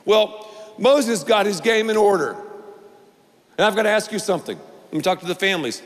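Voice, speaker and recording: A man's voice: high voice, animated, moderate pace, in a large hall. A male pastor preaching a sermon, emphatic and repetitive, with playful asides.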